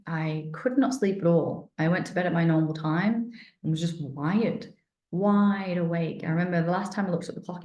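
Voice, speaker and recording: A woman's voice: on the low side, dark tone, reverberant. A middle-aged woman casually recounting a personal experience, chatty and rambling, with many fillers and restarts, sounding thirsty and dry-mouthed. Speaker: wellness vlogger.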